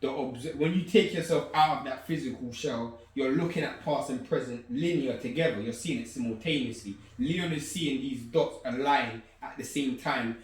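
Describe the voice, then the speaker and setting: A man's voice: medium pitch, moderate pace, hardly any pauses. A man explaining ideas earnestly in casual chat. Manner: earnest, explaining, repeats you know what I'm saying. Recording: very echoey room, far mic.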